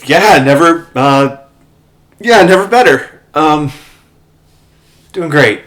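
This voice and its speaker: A man's voice: fairly high pitch, animated, slow pace, fairly bright tone, pitched above the performer's own voice. A man voicing Bats, flustered young shopkeeper. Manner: nervous, stammering, overly cheerful cover.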